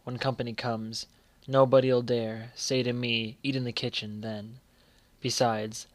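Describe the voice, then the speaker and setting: Man, poetry recitation, measured, flat intonation, dry close mic. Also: mid-range voice, no room sound. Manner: measured, letting line ends fall quiet. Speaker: poetry reader.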